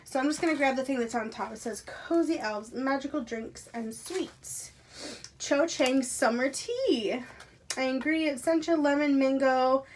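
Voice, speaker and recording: A woman unboxing items at home in a casual, gushing way, often dropping to breathy whispers. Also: high-pitched, a little hiss or hum. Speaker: unboxing vlogger. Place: carpeted room at home.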